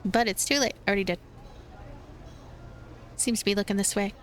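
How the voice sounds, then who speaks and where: A woman's voice: mid-range voice, steady tone, normal speed, slight background noise. A woman hosting a let's play, chatty and amused in casual gameplay commentary.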